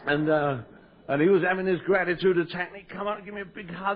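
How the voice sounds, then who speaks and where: On a lo-fi 1990s cassette tape, an Englishman with a high-pitched voice speaks at a quick pace. He gives a humorous, self-deprecating personal talk to a recovery meeting, often stammering and starting over.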